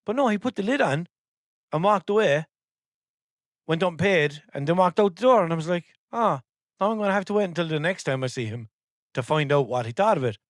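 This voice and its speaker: A man's voice: a little high, lively intonation, a little fast, dry recording, clean studio sound. An Irish man hosting a podcast in casual chat, rambling and sweary and easily exasperated. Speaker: podcast host.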